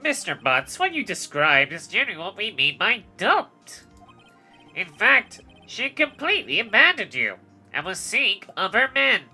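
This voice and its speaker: Casting: a formal, pompous prosecutor played by a woman, sharp-toned and lively. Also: mid-range voice, unhurried, breathy edge, soft background music, heavily acted. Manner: formal, theatrical.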